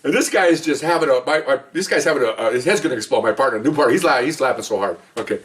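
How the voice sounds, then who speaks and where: A man's voice: mid-range voice, lively intonation, rapid-fire, far from the mic. A middle-aged man casually telling a story, acting out both sides of a phone call and laughing often. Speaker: podcast co-host, retired cop.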